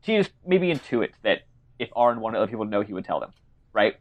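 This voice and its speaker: This podcast co-host has a lowish voice that swings widely in pitch and moves fast. He casually recaps a game's plot, acting out the characters' lines with laughter and swearing.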